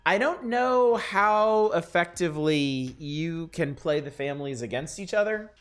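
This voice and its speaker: A man's voice: a little high, animated, measured pace, soft background music. A man streaming a role-playing game, casually musing through plans with hesitant restarts. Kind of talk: let's-play commentary.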